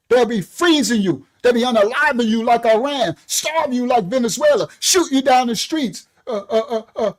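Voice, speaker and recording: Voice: medium pitch, low-quality recording. An older speaker delivering a heated political rant full of street slang, who keeps asking the listener if they heard. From New York. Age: 60s or older. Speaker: online commentator.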